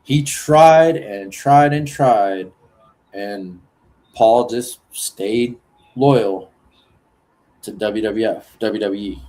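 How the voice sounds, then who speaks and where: A man's voice: medium pitch, a little mellow. A man hosting a casual podcast chat, rambling and swearing freely, often laughing. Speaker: podcast host.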